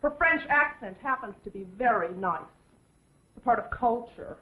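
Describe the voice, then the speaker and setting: An actress playing a defiant, sharp-tongued wife and mother in a 1970s film. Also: a little high, animated, normal speed, close to an everyday voice. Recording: echoey lo-fi film audio with faint hiss.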